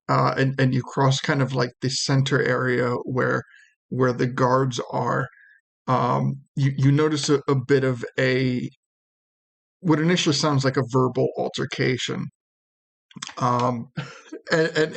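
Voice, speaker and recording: A man acting as game master for a tabletop role-playing game describes scenes hesitantly and haltingly, restarting often, in a creaky, medium-pitched voice.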